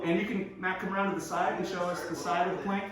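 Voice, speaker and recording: A man leading a home workout as a fitness instructor, encouraging and quick with short praise, recorded indoors at home. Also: high-pitched, flat delivery, a bit bright. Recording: echoey room, far from the mic.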